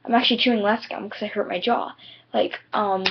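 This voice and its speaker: A woman's voice: mid-range voice, steady tone, fairly quick, slightly rough. A teenage girl telling a story to camera in a chatty, rambling way, full of "like" and "you know". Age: teens. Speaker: vlogger. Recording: dull lo-fi webcam audio.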